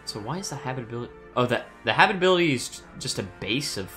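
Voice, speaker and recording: A man's voice: mid-range voice, animated, very fast, bright, forceful tone, faint music behind. Easygoing man with a Midland American accent. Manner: easygoing, corrective, laughs often. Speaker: co-player. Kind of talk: casual chat while gaming.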